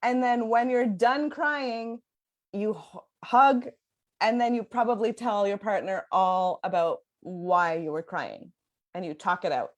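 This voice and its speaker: A young adult woman talks in a podcast conversation, voice sitting in a middle pitch. She speaks earnestly in long flowing sentences, often breaking into laughter. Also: unhurried. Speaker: parenting sleep coach guest.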